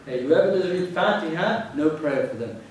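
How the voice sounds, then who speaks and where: A man's voice: lively intonation, moderate pace. A man teaching a prayer class, patiently drilling his students and chanting the recitations for them to repeat. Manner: patient call-and-response drilling. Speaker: Islamic teacher. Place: large mosque hall. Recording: boomy mosque hall, from far off, crowd noise.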